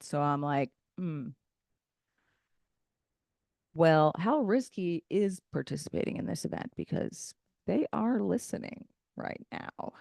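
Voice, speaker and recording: A woman in her thirties performing a stand-up comedy set, loud, brash and opinionated in her delivery. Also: low-pitched, no echo, studio quality. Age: 30s. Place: event stage.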